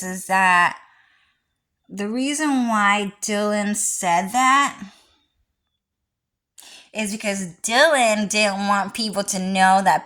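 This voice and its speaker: Woman vlogger talking slow, bright kinda tense voice, rambling and swearing a lot, goes from mumbling to shrieking high. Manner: profane, repetitive, jumps between hushed mutters and high shrill outbursts. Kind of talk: rambling casual monologue.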